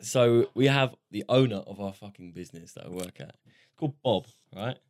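A man's voice: lowish voice, moderate pace, darkish tone, no room sound, clean studio sound. A young man co-hosting a podcast, chatting casually, laughing often and swearing freely. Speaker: podcast co-host. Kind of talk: casual chat.

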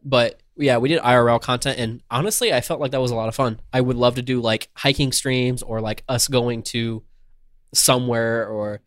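A man co-hosts a podcast in an easygoing chat, his talk meandering and padded with "um" and "like." His voice sits at an average pitch. The sound is close and dry, with no room echo. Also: steady tone, moderate pace. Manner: loose and hesitant, full of "um" and "like". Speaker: podcast co-host.

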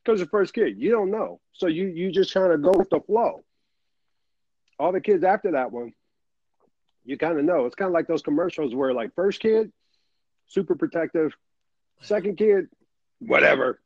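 A man's voice: a little high, expressive, moderate pace, long pauses, slightly rough, no room sound, dull audio. A man in casual chat, laid-back and joking.

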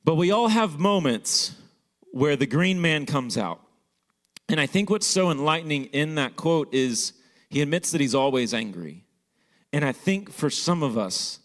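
A young man preaching a sermon as pastor, in a casual storytelling manner with many fillers. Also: medium pitch.

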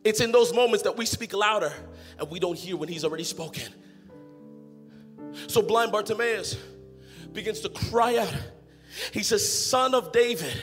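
A young adult man preaching an energetic sermon, rising to shouted, half-sung exhortation. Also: high-pitched. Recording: music playing behind.

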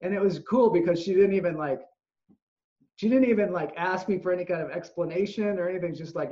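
A man hosting a casual interview podcast, telling stories and acting out quotes with lively energy. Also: high voice, a little fast. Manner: animated storyteller, acts out quotes. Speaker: podcast host. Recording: dull lo-fi sound.

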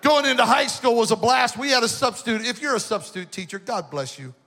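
Casting: male youth preacher, high bright voice, comic storyteller who builds to shouting, big reverberant hall. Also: big pitch swings, fairly quick. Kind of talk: humorous sermon with stories. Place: large hall with an audience.

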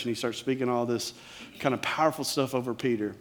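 Male pastor, sermon, emphatic yet chatty, average pitch, sinks to soft lows. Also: fairly even intonation, quick pace. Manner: emphatic, conversational, drops to quiet lows.

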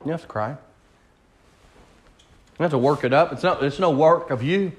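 A man's voice: fairly high pitch, normal speed. A man preaching a sermon in an impassioned, pleading way, repeating words and building to outbursts.

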